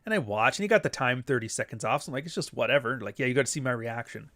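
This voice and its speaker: His intonation lively and his pace rapid-fire, a middle-aged podcast host with a Canadian accent and a nasal, somewhat bright voice rants in a casual monologue. He's blunt, crude and sardonic, breaking into sudden high-pitched outbursts.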